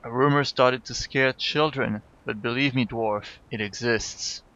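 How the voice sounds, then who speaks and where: A man's voice: mid-range voice, measured pace, bright, forceful tone, lo-fi sound. A man voicing a scarred old human warrior, telling a grim tale in a solemn way. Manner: solemn storytelling.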